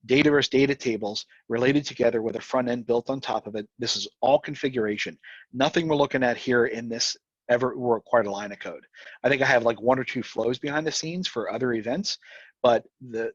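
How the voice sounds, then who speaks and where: A man walks through a software demo at a rapid clip, restarting his sentences as he goes. His voice is a little husky, and the sound is dull and dry, like audio from an online meeting. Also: mid-range voice, dry recording. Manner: fast, rambling, restarts often. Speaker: presenter. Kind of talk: live software demo talk.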